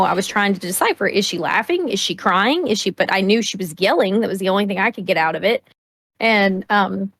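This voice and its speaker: Woman co-host, mid-pitched, blunt chatty storyteller, dry close mic. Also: fairly bright tone, no echo. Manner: laughing storyteller, blunt, swears. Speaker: podcast co-host. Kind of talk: casual chat.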